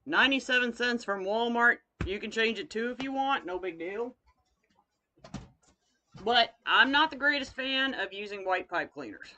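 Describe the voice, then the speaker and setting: A woman's voice: a little high, lively intonation, moderate pace, bright, forceful tone, a little hiss or hum. A woman with a Kentucky accent, chatting folksily with viewers while demonstrating wreath making in a live craft tutorial.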